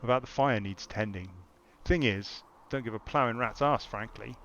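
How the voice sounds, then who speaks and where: A man's voice: mid-range voice, moderate pace, fairly bright tone, muffled recording, close to an everyday voice. A man reading as a grumbling young journal writer. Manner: read aloud from a game journal, in a put-on accent.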